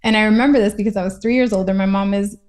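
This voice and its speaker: A woman's voice: medium pitch, steady tone, very fast, a little mellow. Thoughtful woman speaking in an interview. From Puerto Rico. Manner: reflective, thoughtful. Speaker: interview guest. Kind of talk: casual interview conversation.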